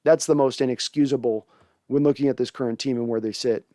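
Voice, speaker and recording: A man's voice: medium pitch, fairly even intonation, quick pace, dark tone, no echo, studio quality. A young man hosting a casual sports fan show, reading viewer comments and giving opinionated takes with frequent restarts.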